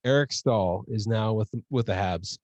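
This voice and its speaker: A man's voice: fairly low pitch, a little slow, darkish tone, no echo. A man hosting a casual chat show, talking in a chatty way with fillers and frequent laughs. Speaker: host.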